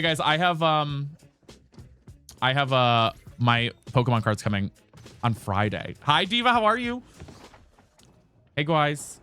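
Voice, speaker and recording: A man's voice: a little high, sharp tone, clean tone. A man streaming a game live, chatting casually with viewers, swearing and repeatedly asking teammates if they have mics. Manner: chatty, swears, calls the audience girl and guys. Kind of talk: casual live-stream chat while gaming.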